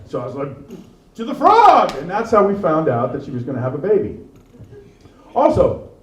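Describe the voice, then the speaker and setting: Middle-aged male comic, lively crowd-teasing delivery; slightly high voice, distant in an echoey venue. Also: brisk. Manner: animated, jokey, teasing the crowd. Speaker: stand-up comedian. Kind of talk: stand-up comedy set. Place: comedy venue with live audience. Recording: echoey room, mic far off.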